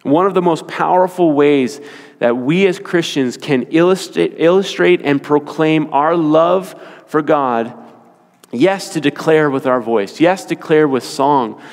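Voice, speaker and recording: A man preaching a sermon, his voice sitting a bit high for a man. He leans on key phrases and repeats them slowly for weight. His words carry a long reverb from the church sanctuary. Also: creaky. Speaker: pastor.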